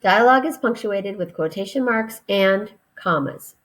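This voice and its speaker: A woman teacher giving a recorded grammar lesson to children, patient and deliberate as she spells out each step. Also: medium pitch, animated, a bit bright.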